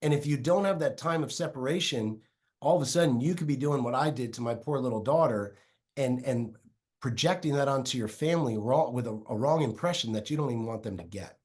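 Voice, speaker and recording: A middle-aged man tells a story as a podcast guest. He speaks from a small home office and acts out the lines he quotes. His voice sits at an everyday pitch. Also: brisk, a little mellow, slightly rough. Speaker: real estate investor and guest.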